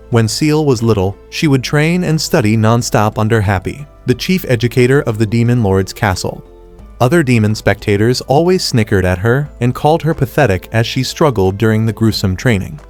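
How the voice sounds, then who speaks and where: A man reading a scripted anime recap as narrator, in a steady, rapid retelling. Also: medium pitch.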